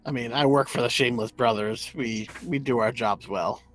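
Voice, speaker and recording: A man's voice: mid-range voice, moderate pace, a bit bright. A man playing a tabletop game in character, making dry jokes. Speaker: player. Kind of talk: in-character play.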